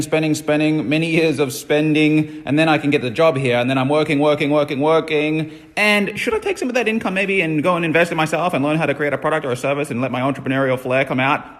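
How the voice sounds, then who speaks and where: Speaking fairly quickly in a fairly high pitch, this man gives a loose money lesson for his social media stories. He's an entrepreneur, and he's blunt and emphatic, with plenty of swearing. The sound is big and roomy.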